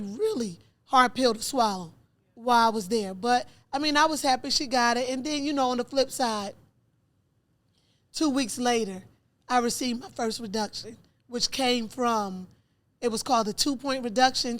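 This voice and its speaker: Animated storytelling woman. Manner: animated, acts out dialogue with rising pitch. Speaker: podcast host telling her own story. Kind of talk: candid storytelling interview.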